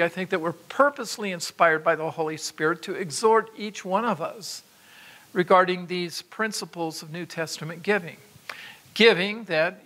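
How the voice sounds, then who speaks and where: A man's voice: sits high, sharp tone. A man preaching a sermon, exhorting his listeners with emphatic repetitions and asides to them. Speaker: pastor.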